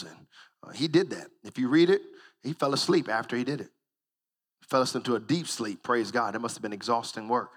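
A middle-aged man preaching a sermon as pastor, building from calm storytelling into loud, shouted praise. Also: medium pitch, fairly quick, slightly rough, big-room sound.

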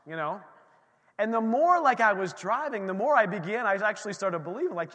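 A middle-aged male pastor preaching a sermon, telling a personal story in a lively way and acting out his own quotes. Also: sits high, quick pace. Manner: animated storytelling with acted-out quotes. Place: church sanctuary. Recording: long hall reverb in a church.

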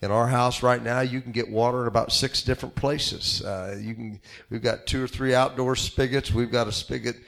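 A man's voice: medium pitch, steady tone, moderate pace, creaky, fairly bright tone. A middle-aged man preaching a sermon in a folksy, conversational way, with many fillers and restarts. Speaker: pastor.

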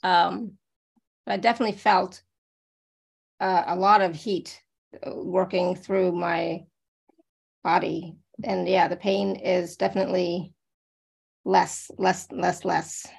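A woman's voice: on the low side, level tone, takes it slowly, creaky, pauses often, husky. A woman hosting a live online talk, chatty and laughing easily, often restarting her sentences. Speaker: host. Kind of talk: casual live online chat.

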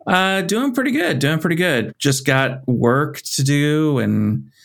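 A man's voice: fairly high pitch, expressive, slow pace, gravelly, a bit bright. A man co-hosting a podcast in casual chat, laid-back and lightly teasing, often repeating his words. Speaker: podcast co-host.

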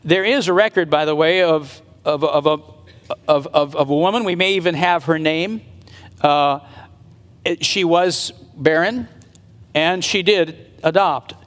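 Man, high voice, preacher, earnest dramatic storytelling, long hall reverb. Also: a little slow, fairly bright tone. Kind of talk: sermon retelling a Bible story.

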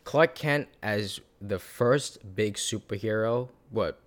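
Man, very deep voice, rambling podcast talk, casual swearing. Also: slow. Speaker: podcast co-host. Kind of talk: casual chat.

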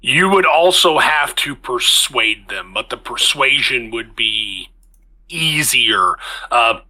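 Game master, male, very bright tone, explanatory and steady. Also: medium pitch, slow pace, poor audio. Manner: explains rules, briefly voices characters. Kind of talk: running a tabletop game.

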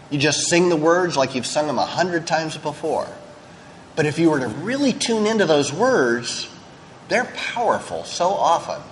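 A man's voice: mid-range voice, long reverb tail, slight background noise, rough recording. A male pastor delivering a sermon in a candid, conversational way, with frank asides.

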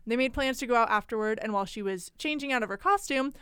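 A woman's voice: on the high side, quick pace, fairly bright tone, smooth, no room sound, clean studio sound. A woman co-hosting a podcast, telling a story in a chatty, jokey way with frequent giggles. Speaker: podcast co-host. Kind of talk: casual storytelling chat.

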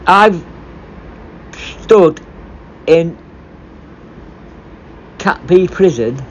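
A man's voice: fairly high pitch, expressive, extremely slow, slight background noise. Blunt, sweary man on a dull lo-fi recording. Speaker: former prison officer. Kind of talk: casual monologue to camera.

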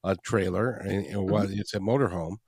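Host, man, low voice, halting and repetitive delivery, dry sound. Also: vocal fry, a little mellow, husky, no room sound. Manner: halting, repeats words and restarts. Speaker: interview host. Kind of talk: casual chat.

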